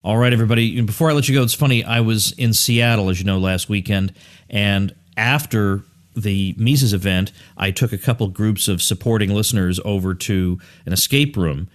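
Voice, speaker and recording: Laughing easily and chatting casually, a man hosts a podcast interview in a radio-style voice that sits lowish, speaking at normal speed.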